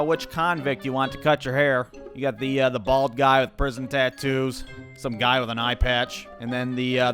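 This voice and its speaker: A man's voice: medium pitch, a bit bright. A man narrating a comic childhood story in a profane, exasperated and sarcastic way. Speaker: animated storyteller.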